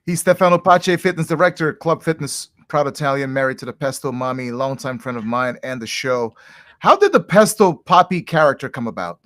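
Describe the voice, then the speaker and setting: A man's voice: mid-range voice, expressive, brisk, fairly bright tone. A man hosting an interview, asking questions in an upbeat, casual way. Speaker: host.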